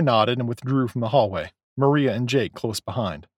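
A man narrating a novel as an audiobook, in a measured, expressive storytelling way. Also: medium pitch, no echo, studio quality. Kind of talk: scripted narration.

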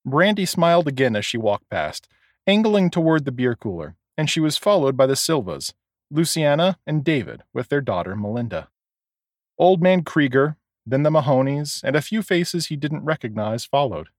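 Brief: male storyteller, lively pitch, dry close studio sound. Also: moderate pace, dry recording. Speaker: narrator. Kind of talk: audiobook narration.

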